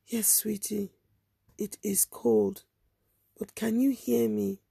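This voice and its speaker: A woman voicing a calm adult female rescuer who speaks softly and pleadingly, half in a whisper. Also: on the high side, takes it slowly, vocal fry, slightly rough, no room sound, studio quality, full character voice. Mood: gently coaxing.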